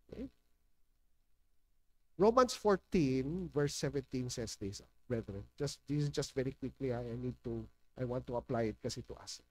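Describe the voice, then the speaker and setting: A man's voice: medium pitch, animated, moderate pace, low-quality recording. A man with a Filipino accent preaching a sermon as pastor, switching between English and Hiligaynon and often asking his congregation questions. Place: church.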